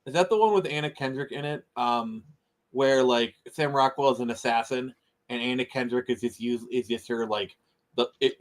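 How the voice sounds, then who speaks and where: A man's voice: mid-range voice, normal speed. A man co-hosting a casual live stream, rambling with many fillers and restarts. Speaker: podcast co-host. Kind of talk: casual chat.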